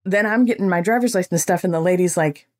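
Mulher de voz grave contando história. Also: female voice, on the low side, fast talker. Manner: animated storytelling, acting out quotes. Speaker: podcast host. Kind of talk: storytelling podcast chat.

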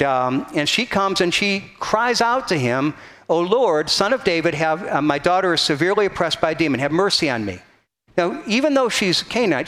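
High-voiced man preaching a sermon. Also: fairly bright tone. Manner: conversational teaching, frequent restarts, quoting scripture. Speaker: pastor.

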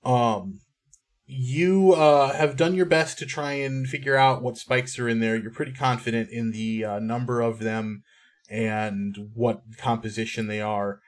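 A man's voice: mid-range voice, fairly even intonation, unhurried. Man narrating as game master. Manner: descriptive, hesitant with many ums.

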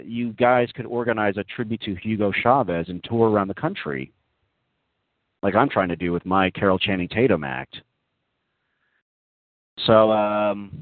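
Heard through tinny, phone-like audio in a dry recording, a man with a fairly low voice hosts a laid-back online radio talk show. He meanders in a mock-serious tone, leaning heavily on fillers.

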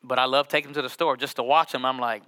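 A middle-aged man preaching a sermon as pastor, joking with the congregation and drawing out scripture slowly. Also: medium pitch, steady tone, bright, forceful tone, smooth. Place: church sanctuary with congregation.

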